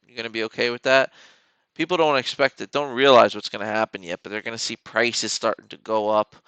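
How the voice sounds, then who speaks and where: Male trading streamer, casual joking rambler; crisp, gravelly tone. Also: mid-range voice, steady tone, a little fast, bright, forceful tone, no echo. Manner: joking, rambling, talks to the chart. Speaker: stock trading livestream host.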